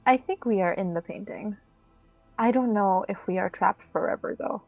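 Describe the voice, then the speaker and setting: A woman's voice: medium pitch, moderate pace, vocal fry, dry recording, muffled recording. A woman plays in a tabletop game, speaking tentatively and with some hesitation. Her voice sits mid-range and is recorded dry, with faint music in the background. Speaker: player. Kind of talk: casual in-character play.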